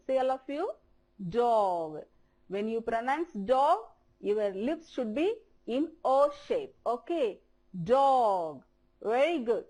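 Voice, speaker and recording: A woman teacher with an Indian English accent giving a televised primary-school English lesson, speaking slowly and repeating words for children to copy. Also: fairly high pitch, lively intonation, a little mellow.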